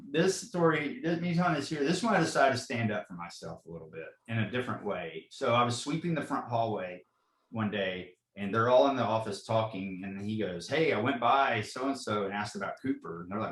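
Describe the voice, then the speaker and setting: A man's voice: mid-range voice, fairly quick, fairly bright tone, roomy sound, low-quality recording. A man in his forties, a fire captain, earnestly telling personal stories in a podcast interview and often saying "you know". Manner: earnest, frequent "you know", repeats himself.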